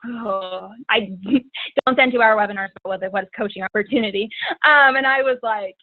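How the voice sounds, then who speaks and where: A woman's voice: fairly high pitch, moderate pace, no echo. A woman speaking as a guest fitness coach, telling her story in a chatty way with lots of "like" fillers. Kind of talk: personal testimony talk. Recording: tinny phone-line sound, dry.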